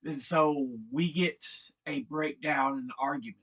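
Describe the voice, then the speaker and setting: A man casually retelling a TV episode, halting and repeating words as he restarts his sentences. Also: fairly high pitch, fairly even intonation, fairly bright tone, breathy edge. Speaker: show recap vlogger.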